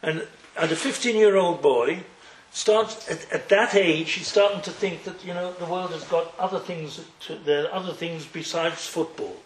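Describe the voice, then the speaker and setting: A man's voice: on the high side, moderate pace. A man giving a storytelling Torah lecture, acting out the characters' dialogue with humorous asides. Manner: animated, acts out dialogue in voices, humorous asides. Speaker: Torah teacher. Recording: echoey room with faint noise.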